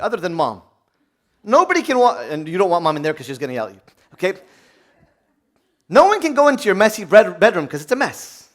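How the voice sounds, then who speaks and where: A male priest preaching with a fairly high voice that swoops through a wide, lively range. He moves from hushed, prayerful passages to loud exclamations, and keeps turning to his listeners with questions. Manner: conversational, asks the audience questions. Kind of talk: sermon.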